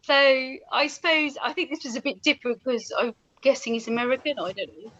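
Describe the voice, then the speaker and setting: A woman's voice: sits high, a little fast, a bit bright. A woman chatting casually as a guest, telling rambling stories and laughing often. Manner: bubbly, laughing, rambling storyteller. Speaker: radio presenter guest. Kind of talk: casual chat. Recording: dull lo-fi audio.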